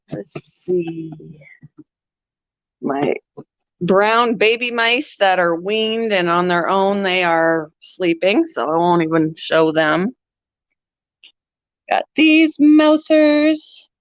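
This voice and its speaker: Slow, easygoing woman touring her pets. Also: mid-range voice, dry recording. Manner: chatty, laughs often, slow and easygoing. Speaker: pet channel host. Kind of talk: casual pet tour vlog. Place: indoors at home among animal cages. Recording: dull lo-fi, dry sound.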